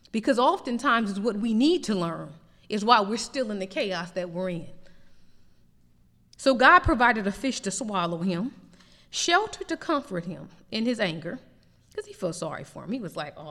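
A woman preacher delivering a lively, emphatic sermon. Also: medium pitch, big-room sound. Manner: animated preaching with rising emphatic peaks.

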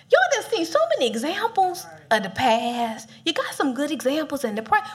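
Female preacher, high and very expressive, casual and funny. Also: normal speed, few pauses. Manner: animated, playful, laughs often. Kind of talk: casual sermon.

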